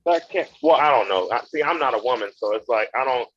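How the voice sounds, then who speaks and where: A man's voice: mid-range voice, lively intonation, fast, a bit bright, husky, dry recording, highs cut off. A man from North Carolina with a Southern accent, hosting a casual chat and repeating words as he talks. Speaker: host.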